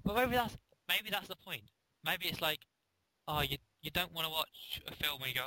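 A man on a comedy podcast spins silly explanations with mock authority. His voice is very bright and sharp, and it sounds dry and close. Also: fairly high pitch, expressive, fast, no room sound, rough recording. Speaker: podcast co-host. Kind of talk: casual comedic chat.

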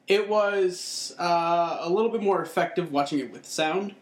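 Male co-host, a bit high-pitched, halting casual talk, roomy sound. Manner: hesitant, many fillers. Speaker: podcast co-host. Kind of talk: casual chat. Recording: echoey room.

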